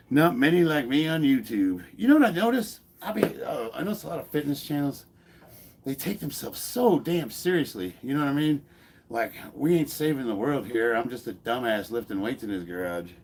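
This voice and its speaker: A man's voice: mid-range voice, animated, fairly quick. A man in his forties chatting casually in his home garage gym, reading comments aloud, blunt and joking, laughing often and swearing freely. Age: 40s. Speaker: fitness YouTuber.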